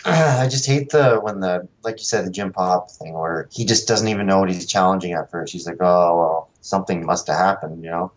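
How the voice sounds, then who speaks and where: A man with a very low voice, heard through a dull, lo-fi mic. He calmly backs up his co-host with measured complaints in casual sports talk.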